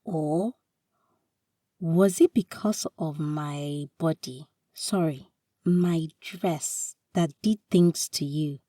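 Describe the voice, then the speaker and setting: A playful young wife teases her husband with exclaiming, rising questions, as a woman storyteller puts her on. Her voice is dark and unhurried. It is recorded dry, a little away from the mic. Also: low-pitched, no room sound, far from the mic, full character voice. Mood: teasing.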